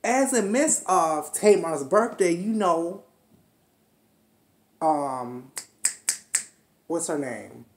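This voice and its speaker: A man's voice: a little high, animated, extremely slow, long pauses, slight background noise. A man vlogging a TV episode review in a sassy, profane, chatty unscripted rant, calling his viewers honey and child. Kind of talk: casual unscripted rant to camera. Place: indoor room at home. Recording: echoey room.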